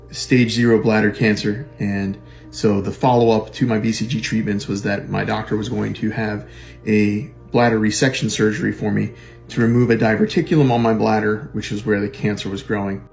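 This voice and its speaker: Middle-aged man, low and gravelly, flat and candid, recovering patient. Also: moderate pace, soft background music. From Florida. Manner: plain, candid, dryly sarcastic. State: recovering from surgery. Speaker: cancer patient. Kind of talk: video diary.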